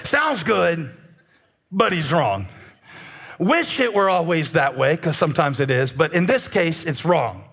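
A man preaching a sermon as pastor, animated and joking, rising to shouts at peaks. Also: on the high side, a little slow, slightly rough.

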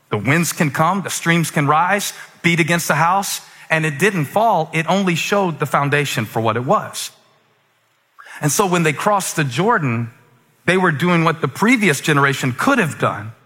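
A man preaching a sermon with great passion, swinging from near-shouts down to hushed, quiet lines. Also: fairly high pitch, slightly rough. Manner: impassioned, rising to near-shouts and dropping to hushed asides. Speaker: pastor. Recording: long hall reverb.

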